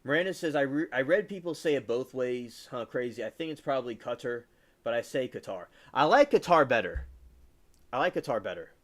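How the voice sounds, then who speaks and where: A man's voice: medium pitch, fast, hardly any pauses. Rambling man hosting a livestream. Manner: rambling, reads chat aloud and answers viewers. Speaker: livestream host. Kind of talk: casual livestream chat.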